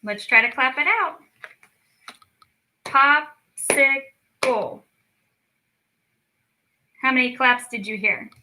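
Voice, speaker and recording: A young woman leading a children's lesson, stretching words out slowly and cheering the kids on. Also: a little high, lively intonation, sharp tone, slight background noise, low-quality recording. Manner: slow, drawn-out words for children, encouraging. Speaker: speech clinic storytime teacher. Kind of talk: children's lesson, clapping out syllables.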